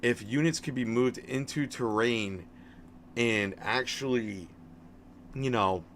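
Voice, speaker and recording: This game streamer, a man in his thirties, talks slowly at medium pitch with a somewhat bright tone and a bit of background noise. His casual, friendly chatter about the game rambles, and he keeps restarting his words.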